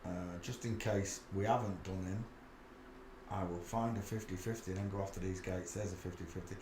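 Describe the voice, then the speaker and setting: A man's voice: low-pitched, steady tone, brisk, darkish tone, roomy sound, a little hiss or hum. Yorkshire man muttering screen commentary. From England. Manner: muttered running commentary, thinking aloud. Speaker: channel host. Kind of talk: casual commentary while browsing images.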